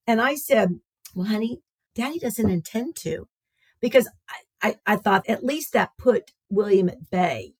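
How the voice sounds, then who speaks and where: Husky woman telling a tender story. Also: mid-range voice, expressive, a little slow, no echo. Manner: heartfelt, tender, repeats phrases for emphasis. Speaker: guest. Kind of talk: emotional personal storytelling.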